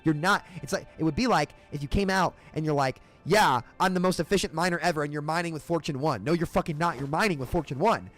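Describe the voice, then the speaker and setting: A man's voice: a little high, quick pace, few pauses, fairly bright tone, faint music behind. A man streaming a game, ranting in heated, profane bursts and repeating himself as he talks. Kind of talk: livestream rant between matches.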